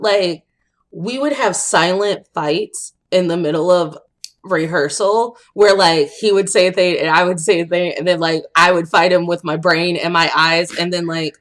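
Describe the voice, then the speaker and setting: A young adult woman co-hosting a podcast, telling an animated story in a casual chat, acting out quotes and laughing often. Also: fairly low pitch. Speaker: podcast co-host.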